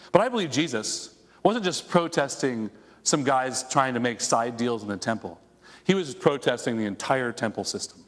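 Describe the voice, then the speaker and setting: A man's voice: mid-range voice, in a large hall. A man preaching a conversational sermon as a pastor, asking his congregation rhetorical questions. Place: church sanctuary.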